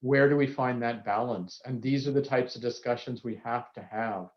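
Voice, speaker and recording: A man's voice: medium pitch, normal speed. A male psychiatrist giving candid, reflective remarks on a panel over a video call, with self-deprecating asides. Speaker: psychiatrist guest speaker. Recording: dull lo-fi video call audio.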